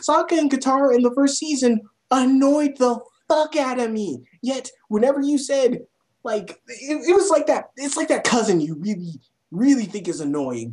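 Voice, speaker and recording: A young woman ranting about a film, exasperated and swearing constantly, her voice climbing to near shouts. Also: a little high. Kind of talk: profane rant.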